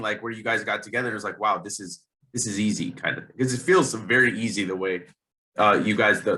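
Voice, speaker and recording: A man's voice: lowish voice, pushed and bright. A man hosting an interview show, talking casually with enthusiasm and loose, rambling phrasing. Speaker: host.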